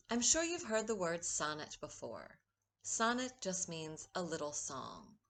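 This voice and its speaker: Woman poet, low voice, unhurried, steady teaching read of a recorded poetry lesson. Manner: slow, measured, stresses rhythm when reading verse.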